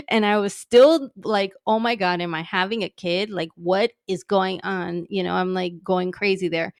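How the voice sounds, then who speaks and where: A woman guest in her thirties telling a story in a casual, animated way, sarcastic and laughing often, with some swearing. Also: mid-range voice, normal speed, creaky, hardly any pauses, no echo, clean studio sound. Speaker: podcast guest.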